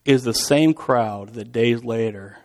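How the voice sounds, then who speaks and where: A man's voice: medium pitch, slow. A man preaching in a conversational, storytelling way, acting out quotes with vivid voices. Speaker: pastor. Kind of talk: sermon.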